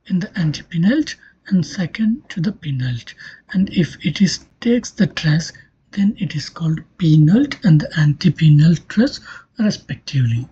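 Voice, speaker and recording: A woman giving a recorded linguistics lecture, explaining slowly, her voice often dropping to a near-whisper. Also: fairly low pitch, warm tone, breathy edge. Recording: dull lo-fi recording.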